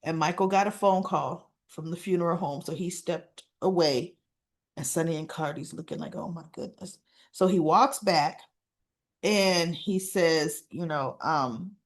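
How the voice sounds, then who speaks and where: A woman's voice: fairly low pitch, normal speed. A woman recapping a soap opera episode in a casual, chatty way, acting out the characters' lines and laughing often.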